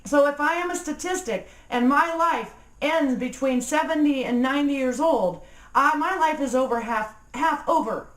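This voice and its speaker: A woman in her forties giving an earnest motivational talk to camera, slowing down and dropping low on key phrases. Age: 40s. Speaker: motivational speaker. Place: room with a phone ringing nearby. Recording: echoey room.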